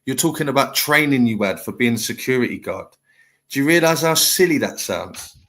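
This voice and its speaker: A man's voice: medium pitch, expressive, fairly quick, a bit bright, slight background noise. Blunt man lecturing a caller. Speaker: live stream panel host. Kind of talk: heated live panel chat.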